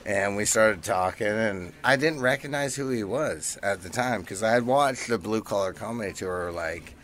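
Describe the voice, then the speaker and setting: A man's voice: on the low side, normal speed, fairly bright tone, slight background noise. Laid-back man spinning a tale. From Canada. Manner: laid-back anecdote teller, laughs while talking. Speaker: guest. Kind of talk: casual storytelling.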